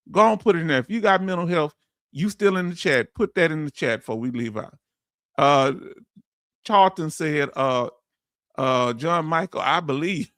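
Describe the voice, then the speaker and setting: A man's voice: on the high side, fairly bright tone, no echo, clean studio sound. A man hosting a casual livestream, reading viewer comments aloud and calling his audience family in a heartfelt, emotional way.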